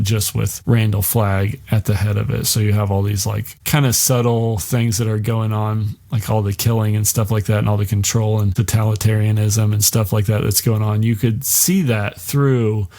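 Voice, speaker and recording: A man's voice: lowish voice, level tone, normal speed, vocal fry, few pauses, darkish tone. Rambling man recapping a movie. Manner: rambling, heavy use of "like", swears freely. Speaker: podcast host.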